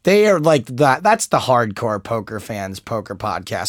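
A man's voice: medium pitch, sing-song, measured pace, a little hiss or hum. A man in his forties co-hosting a podcast, chatting casually in a joking, rambling way and laughing at his own lines. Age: 40s. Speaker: podcast co-host. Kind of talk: casual chat.

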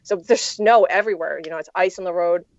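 A young woman recounting a story in a loose, rambling way, full of "like" and "you know" and restarted sentences. Her voice sits at an average pitch and sounds slightly dull and lo-fi. The room is dry, with no echo. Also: fast talker. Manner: rambling with many fillers and restarts. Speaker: poker player guest. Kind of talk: casual storytelling interview.

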